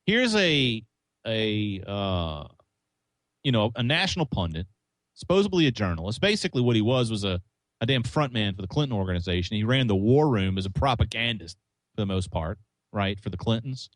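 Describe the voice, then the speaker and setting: A man co-hosting a radio show, chatting about politics in an excitable, stumbling way with many restarts. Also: lowish voice, moderate pace, no room sound. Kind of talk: casual political chat.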